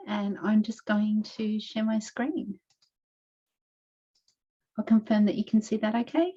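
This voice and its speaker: A woman's voice: a little high, warm tone. A woman with an Australian accent giving an online conference presentation, explaining her research step by step over a video call. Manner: measured, explanatory, walking through slides. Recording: dull lo-fi video call audio.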